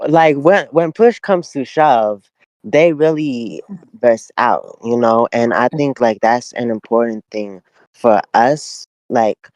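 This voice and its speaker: Slow-talking young man in a dry backyard. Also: mid-range voice, darkish tone, no echo, muffled recording. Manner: slow, laid-back, thoughtful, many fillers. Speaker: podcast co-host. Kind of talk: casual chat. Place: backyard at home, outdoors.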